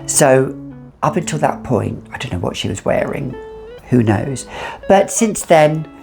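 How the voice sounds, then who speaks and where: A woman's voice: extremely low pitch, big pitch swings, unhurried, gravelly, music in the background. A middle-aged woman chatting casually and with strong opinions as she reviews a fragrance. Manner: chatty, opinionated, sassy asides.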